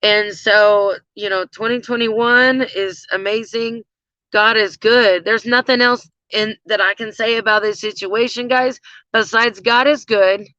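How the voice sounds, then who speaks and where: A woman's voice: on the high side, fairly even intonation, measured pace, bright, forceful tone, dry recording. A woman vlogger chatting casually to her viewers, gushing and full of fillers. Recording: slightly dull lo-fi sound.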